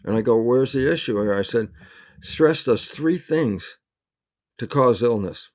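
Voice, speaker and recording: A male scientist as an interview guest, explaining in lively storytelling and acting out both sides of remembered conversations, laughing often. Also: mid-range voice, measured pace. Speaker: interview guest, cell biologist.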